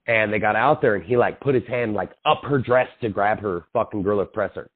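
A young man with a fairly low voice spins a profane, rambling story and acts out everyone's lines. The sound is thin and tinny, like a phone line. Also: fairly quick, slightly rough. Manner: profane, animated storytelling with acted-out quotes. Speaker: podcast co-host. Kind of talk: casual chat.

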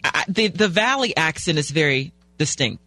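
A woman's voice: deep voice, animated, sharp tone, dry recording. Female co-host from North Carolina, chatty banter, dry close studio sound. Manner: chatty, quick to laugh. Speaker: fill-in radio co-host. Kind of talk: talk radio banter. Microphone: studio broadcast mic.

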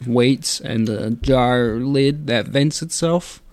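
A man co-hosting a podcast, rambling in casual chat while high and trailing off mid-explanation. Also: slow pace, a little mellow. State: high on cannabis. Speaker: podcast co-host.

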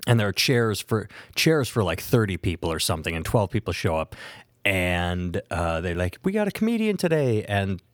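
A man's voice: deep voice, normal speed, no echo. A man in his thirties, a comedian hosting a podcast, telling a story casually and acting out both sides of each conversation. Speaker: podcast host and stand-up comedian.

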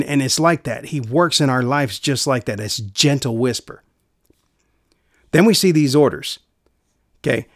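A man preaching a sermon in an earnest way, repeating key phrases and going soft for quiet lines. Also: mid-range voice, no echo, studio quality.

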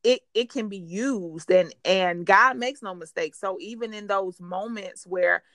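This podcast host speaks a little slowly in a mid-range voice, interviewing a guest about faith with warm encouragement, plenty of laughter and many restarted sentences. The sound is studio quality with no echo.

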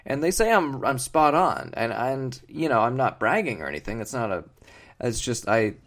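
Male comedy podcast host, mid-pitched voice, deadpan, rambling. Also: normal speed. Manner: rambling, mock-earnest, full of fillers.

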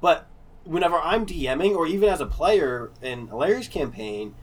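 A man's voice: a little high, animated, moderate pace. Man, casual podcast chat, rambling, fillers, tabletop gaming talk. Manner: rambling, loose and profane. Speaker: player and game master.

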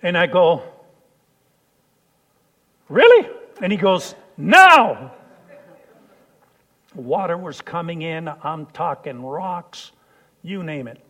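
A man preaching a sermon, telling a personal story and swinging from hushed lines to loud shouts. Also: fairly high pitch, unhurried, muffled recording.

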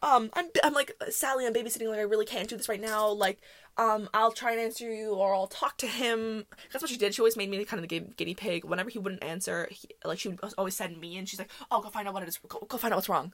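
A young woman hosting a podcast, telling chaotic stories from school in a casual, animated way, acting out the people she quotes. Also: mid-range voice, fast talker. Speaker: podcast host. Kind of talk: casual storytelling.

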